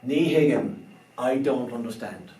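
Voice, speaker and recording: A man teaching a beginner language lesson, slow and careful, spelling out words letter by letter. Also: mid-range voice, lively intonation, warm tone. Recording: roomy echo, somewhat far from the mic.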